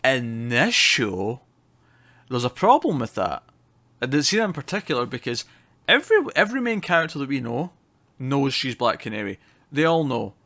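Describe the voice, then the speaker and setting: An animated man co-hosting a laid-back TV review. He talks with plenty of energy and casual swearing. He laughs often at what he describes. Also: medium pitch, moderate pace, gravelly. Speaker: co-host.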